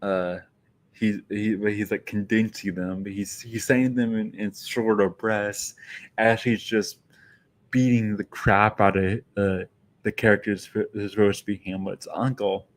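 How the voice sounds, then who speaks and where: A man's voice: lowish voice, little pitch movement, unhurried. A man giving a casual film review monologue, rambling and often restarting his sentences.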